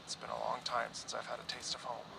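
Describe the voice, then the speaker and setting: A polite, gravelly traveling musician. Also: male voice, medium pitch, completely flat delivery, quick pace. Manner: polite, formal, earnest. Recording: game audio with clear background noise.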